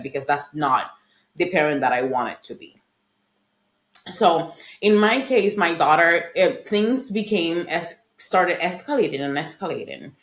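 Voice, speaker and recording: A middle-aged woman, a parent coach, earnestly telling her personal story in conversation and often checking in with "right?". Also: sits low. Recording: roomy echo.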